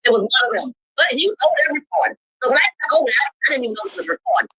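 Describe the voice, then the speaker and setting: A woman telling a heated account of a dispute, emphatic and repetitive, breaking into shouts. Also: high-pitched, animated, rapid-fire, slightly rough, no echo, poor audio. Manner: emphatic, repeats herself, bursts into shouting.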